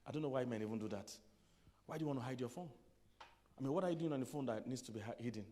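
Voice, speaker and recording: Joking pastor preaching to men. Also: male voice, medium pitch, rapid-fire, mellow, a little hiss or hum. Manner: jokey and conversational, laughing at his own punchlines. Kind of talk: humorous sermon to men. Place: church conference hall.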